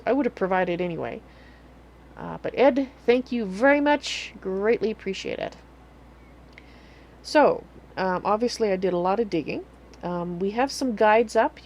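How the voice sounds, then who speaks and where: A chatty woman streaming a tour of her game base. Her voice is mid-pitched and conversational, wandering through fillers and self-corrections. A faint hum runs under the recording. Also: a little mellow. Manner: chatty, rambling with fillers and restarts. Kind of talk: casual livestream walkthrough.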